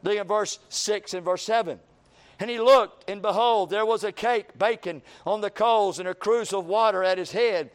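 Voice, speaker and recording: A man's voice: high-pitched, normal speed. A man preaching a sermon in church, acting out the despairing talk of ordinary people.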